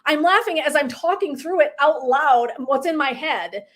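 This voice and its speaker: A woman's voice: high-pitched, moderate pace. Candid laughing middle-aged woman coach. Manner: candid, swears, laughs while talking, acts out her own thoughts. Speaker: wellness coach. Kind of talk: casual live stream monologue.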